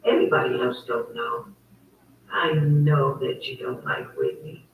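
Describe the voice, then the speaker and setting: A woman's voice: very deep voice, steady tone, a little slow, very echoey, far from the mic, narrow, tinny audio, a little hiss or hum. A woman hosting her own online talk show, telling a story in a heated, emphatic, repetitive way. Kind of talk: casual livestream monologue.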